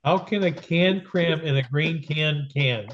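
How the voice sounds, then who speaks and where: A man co-hosting a radio show with crude, deadpan comebacks. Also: fairly high pitch, unhurried, muffled recording. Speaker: show co-host. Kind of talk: joking studio banter.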